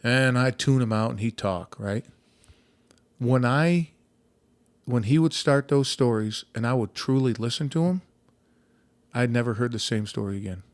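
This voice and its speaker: A man's voice: mid-range voice, moderate pace, no echo. A man hosting a podcast, chatting casually, telling stories with plenty of restarts and casual swearing. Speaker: podcast host. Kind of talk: casual conversational interview.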